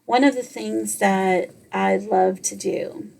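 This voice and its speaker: A woman's voice: mid-range voice, fairly even intonation, slow, vocal fry, dark tone. A middle-aged woman hosting a podcast, telling a personal story and giving motivational advice in an earnest way. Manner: earnest, repeats phrases, quotes others in her own voice. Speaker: podcast host.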